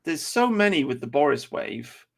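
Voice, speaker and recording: A man's voice: medium pitch, big pitch swings, moderate pace, gravelly. A man chatting on a podcast, ranting and swearing heavily. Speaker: podcast co-host. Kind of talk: casual chat.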